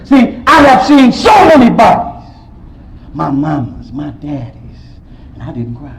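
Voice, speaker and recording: A man sharing his personal story at a recovery meeting, telling it with emotion, swinging from loud outbursts to quiet low stretches. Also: huge pitch swings, measured pace, gravelly, background noise. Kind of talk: personal testimony.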